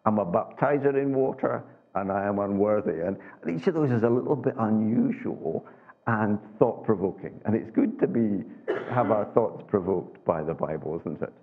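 A man preaching a sermon in a conversational way, full of restarts and rhetorical questions. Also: lowish voice. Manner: conversational, halting with many restarts and rhetorical tags. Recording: tinny phone-like sound.

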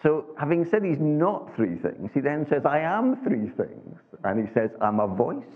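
A man's voice: on the high side, huge pitch swings. A man preaching a sermon in a conversational way, full of restarts and rhetorical questions. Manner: conversational, halting with many restarts and rhetorical tags. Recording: tinny phone-like sound.

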